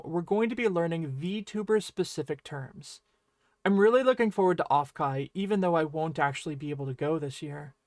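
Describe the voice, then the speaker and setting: Male online language teacher, high voice, friendly and explanatory, dry close sound. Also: darkish tone, no echo. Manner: friendly explaining, often checking in with "right?".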